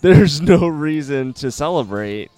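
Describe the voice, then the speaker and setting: Smooth-voiced laid-back male podcast host. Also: a little high, lively intonation, warm tone, dry recording. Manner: laid-back, quick reactions and swearing. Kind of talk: casual chat.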